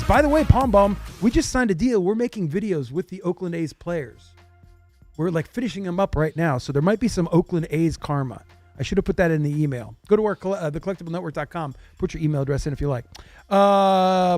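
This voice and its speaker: Male host of a live card break. High, upbeat voice, chatty, reads names with plenty of "uh"s, faint music underneath. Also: brisk, darkish tone, no echo. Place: small studio.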